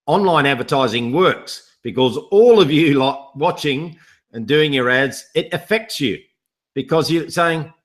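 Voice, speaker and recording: A man's voice: fairly high pitch, expressive, a little slow. Joking, rambling man on a video call. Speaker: online business promoter. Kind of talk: casual live video chat.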